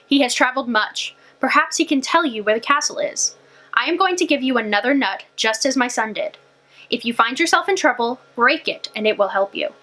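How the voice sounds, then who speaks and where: A woman voicing a kindly old male wizard giving gentle advice. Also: a little high, animated, brisk, low-quality recording.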